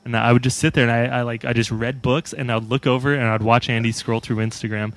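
A man's voice: medium pitch, fairly even intonation, fast talker, a little hiss or hum. A man who plays in a band talks in a laid-back, profane, self-mocking way during a casual chat. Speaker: band member.

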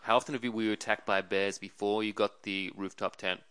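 A man's voice: on the low side, little pitch movement, a little fast, fairly bright tone, clear, resonant tone, no room sound. A man hosting a casual interview, asking curious questions in an easygoing way. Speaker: interview host.

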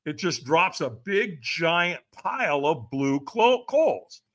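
A high-voiced, lively middle-aged man, a personal development coach on a podcast, tells an animated story slowly. He acts out the voices of those he quotes and frequently asks "right?".

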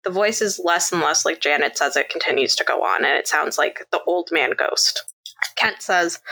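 A woman's voice: lowish voice, normal speed, sharp tone. A woman from Canada co-hosting a casual movie podcast, recapping the plot and laughing often. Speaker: podcast co-host.

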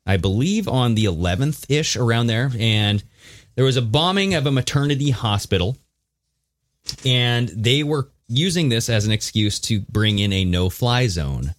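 A man's voice: medium pitch, expressive, moderate pace, no room sound, studio quality. A man co-hosting a podcast, reading ad copy and news articles aloud with casual asides. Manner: reads ads and articles aloud with loose asides. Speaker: podcast co-host.

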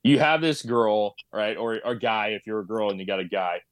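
A man's voice: fairly low pitch, expressive, normal speed, clean tone, no echo. A man in a casual podcast chat, blunt and profane, calling his friend "bro". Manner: blunt and swearing, says "bro".

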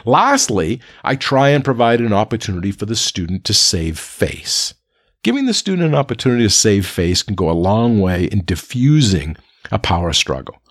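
Speaking calmly to fellow teachers, a man with a slightly husky voice explains his material at a normal speed, often checking in with a rhetorical "right?" His pitch rises and falls a lot as he emphasizes points. The recording is dry and close, with no room sound.

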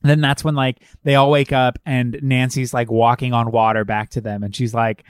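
A man's voice: mid-range voice, little pitch movement, normal speed, few pauses, clean tone, no room sound, studio quality. A man in a casual chat about a film, retelling scenes by acting out the characters' lines and swearing freely.

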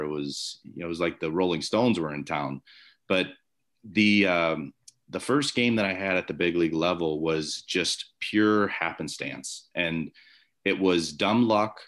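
A man's voice: low-pitched, fairly bright tone. A man from the Chicago area, a former umpire, telling stories in an interview from his home office, with rambling restarts and fillers. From Chicago area, USA. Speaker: guest, former baseball umpire. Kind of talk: conversational storytelling interview.

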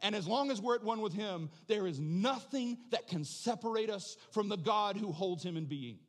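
Impassioned high-pitched male preacher. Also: expressive, normal speed. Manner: impassioned, builds to shouting then drops to soft prayer. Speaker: pastor. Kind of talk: sermon. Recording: long hall reverb.

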